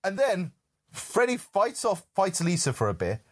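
Animated, rambling film podcast co-host. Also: medium pitch, measured pace. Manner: animated and rambling, lots of "like" and "literally", swearing. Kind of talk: casual film discussion.

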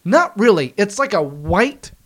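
Late-20s man, slightly high voice, animated casual storyteller who acts out quotes. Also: unhurried.

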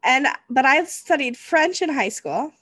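A woman in her forties hosting a podcast interview, chatty and quick to laugh. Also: high-pitched, animated, fairly bright tone, dry recording. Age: 40s. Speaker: podcast host. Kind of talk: casual interview chat.

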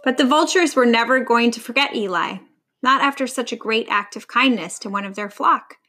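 A woman reading a storybook aloud to a child, in an expressive, lively way. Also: fairly high pitch, brisk.

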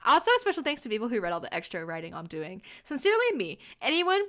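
A woman's voice: mid-range voice, very animated, fast talker, sharp tone. A young woman hosting a podcast, reading a silly fanfiction aloud with playful, laughing asides. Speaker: podcast host.

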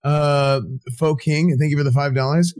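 A man on a live stream rattling off donor names and amounts with quick jokes. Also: on the high side, steady tone, a little mellow, a little hiss or hum. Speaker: streamer reading donations. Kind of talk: fast donation shout-outs on a charity stream.

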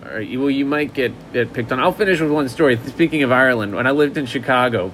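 Male podcast host, mid-pitched, casual and stammering. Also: fast, fairly bright tone, slight background noise. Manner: stammering, repeats words.

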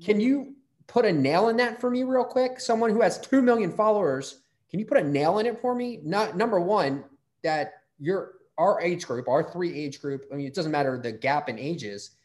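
Speaking at a moderate pace in a high-pitched voice, this middle-aged man hosts a podcast interview in a relaxed style. He's a lively, profane storyteller who wanders through long anecdotes.

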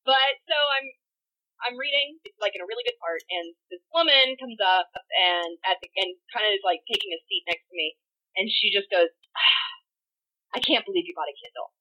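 A woman's voice: medium pitch, moderate pace, bright, forceful tone, dull audio. A woman co-hosting a casual podcast, telling a story as a profane rant and laughing often. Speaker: podcast co-host. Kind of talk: casual chat.

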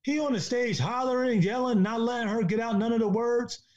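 Emphatic high-voiced man, lo-fi sound. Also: brisk, darkish tone. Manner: emphatic, preachy, repeats himself. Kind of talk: casual podcast discussion. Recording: dull lo-fi sound.

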